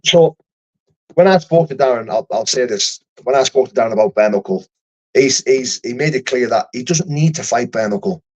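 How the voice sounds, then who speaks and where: His voice is medium-pitched with lively intonation at a moderate pace. A young man from the United Kingdom who fights professionally, he casually chats on a livestream, responding to viewers' comments in a profane, rambling way with frequent restarts.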